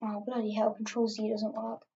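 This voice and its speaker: A woman chats her way through editing a map, rambling and offhand, tossing in asides and fillers. Her voice sits a little high but has a warm, gravelly fry to it. The sound is dull and lo-fi, like a cheap home mic. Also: monotone, moderate pace. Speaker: alternate-history mapper. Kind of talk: casual map narration while editing.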